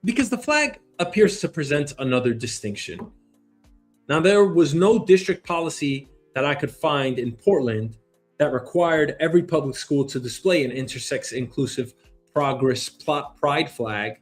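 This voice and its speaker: A man's voice: on the high side, expressive, normal speed, faint music behind. A man hosting a show, ranting incredulously and swearing a lot in comedic commentary. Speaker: show host.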